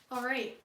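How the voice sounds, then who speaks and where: A woman's voice: bright, forceful tone, reverberant. A playful, giggly woman with a stuffy nose, chatting casually as a tarot reader on a live stream. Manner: playful and giggly, hums silly tunes.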